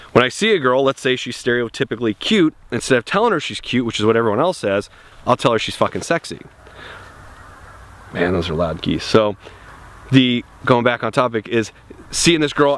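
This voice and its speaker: A man's voice: mid-range voice, lively intonation, fast, a bit bright. A young man giving blunt, profane dating advice in a casual outdoor vlog. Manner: blunt and profane, laid-back. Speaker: dating coach.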